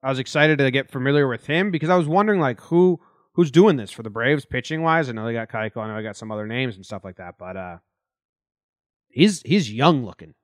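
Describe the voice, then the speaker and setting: A man's voice: medium pitch, expressive, brisk, no room sound. A man with a mid-range voice, co-hosting a casual sports podcast. He talks offhandedly and loosely, dropping curse words along the way. The recording is dry and close. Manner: offhand, casual, swears freely. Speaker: podcast co-host.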